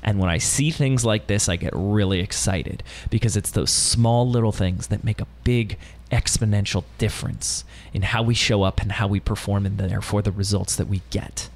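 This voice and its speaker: A man's voice: fairly low pitch, fairly even intonation, moderate pace. A man hosting a business podcast from a studio, talking in an enthusiastic, emphatic and playful way. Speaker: podcast host. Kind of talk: upbeat podcast interview.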